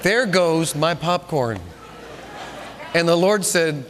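A man preaching a sermon as pastor, telling a story with lively delivery and repeating phrases for emphasis. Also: fairly high pitch, takes it slowly, a little hiss or hum. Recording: long reverb of a large room.

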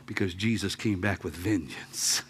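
A man preaching a sermon to his congregation, telling a story with jokes, dropping to quiet murmurs and then rising to loud outbursts. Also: low voice, unhurried, slight background noise. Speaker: pastor. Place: church sanctuary.

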